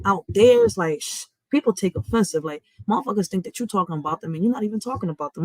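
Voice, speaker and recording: A woman's voice: mid-range voice, expressive, fast, few pauses, dry recording, poor audio. A woman, hosting a livestream from home in an impassioned, preachy rant, swearing freely. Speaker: livestream host.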